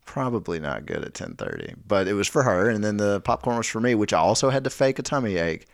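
A man with a fairly low voice chats casually as a podcast co-host. He is a parent who tells self-mocking stories in a relaxed way. The recording is close and dry, with little room sound. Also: fast talker, gravelly, no echo. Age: adult parent. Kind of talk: casual chat.

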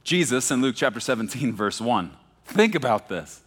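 A pastor from Texas preaching a sermon, moving between hushed, slow emphasis and animated, emphatic passages. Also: male voice, mid-range voice, slightly rough. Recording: long hall reverb.

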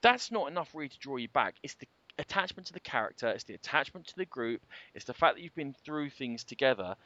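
A man's voice: mid-range voice, sing-song, fast, sharp tone, no room sound. A man co-hosting a podcast about games, talking casually at length and with emphasis. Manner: talkative, rambling, emphatic. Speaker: co-host. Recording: dull lo-fi podcast audio.

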